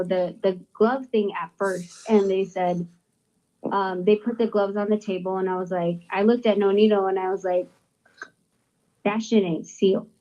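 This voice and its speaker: A woman with a mellow, low-key tone tells a story bluntly, swearing and acting out the back-and-forth. Her audio sounds dull and muffled, as if it comes in from a remote connection. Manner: blunt, profane, acts out dialogue. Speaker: guest from a boxer's team. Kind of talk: casual storytelling.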